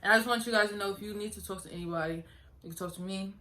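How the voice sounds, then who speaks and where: Earnest young woman with a bright voice. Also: mid-range voice, very fast. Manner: earnest, conversational, repeats herself. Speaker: vlogger. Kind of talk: personal storytelling vlog.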